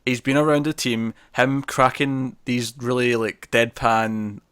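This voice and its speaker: Podcast co-host, man, casual, animated scene retellings, dry room. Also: medium pitch, a little slow, clear, resonant tone, no echo. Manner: chatty, laughs often, quotes scenes in lively bursts. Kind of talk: casual review chat.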